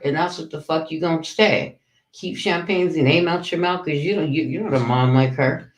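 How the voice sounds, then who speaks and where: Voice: medium pitch, normal speed. A livestream host ranting with lots of profanity, calling out rivals and talking to the chat. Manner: profane, heated, talks to chat. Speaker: livestream commentator. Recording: roomy echo.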